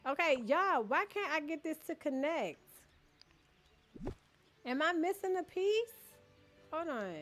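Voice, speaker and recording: A woman's voice: high voice, lively intonation, slow pace, long pauses, fairly bright tone, soft background music. A woman live-streaming a cozy decorating game, chatting casually with her chat, greeting and thanking viewers by name, teasing them playfully and laughing often.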